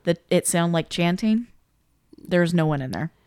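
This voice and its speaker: A woman co-hosting a casual podcast, calm and matter-of-fact as she plays clips. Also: lowish voice, moderate pace, clear, resonant tone. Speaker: podcast co-host. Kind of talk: casual chat.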